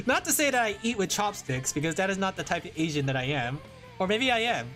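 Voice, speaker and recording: A woman's voice: lowish voice, big pitch swings, a little fast, a bit bright, faint music behind. A woman from California chatting casually on a livestream while drawing, rambling and laughing often. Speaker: VTuber streamer.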